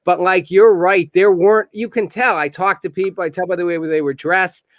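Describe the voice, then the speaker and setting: A man hosting a live call-in talk show, brisk and joking, asking guests pointed questions. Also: sits high, fairly even intonation, no echo. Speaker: host.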